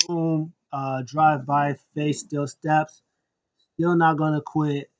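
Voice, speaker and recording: A man hosting a wrestling review, retelling a match in an excited, rambling play-by-play way. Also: a little high, slow, lo-fi sound. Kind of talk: casual wrestling recap.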